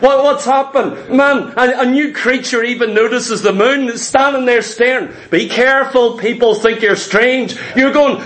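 A man's voice: very high-pitched, unhurried, hardly any pauses, a bit bright. A man preaching a sermon, telling stories with acted quotes and frequent stammered restarts.

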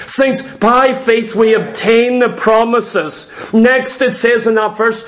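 A male preacher with a notably high voice delivers an emphatic sermon. He drives his points home with repetition and asks one rhetorical question after another. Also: takes it slowly, hardly any pauses, a bit bright.

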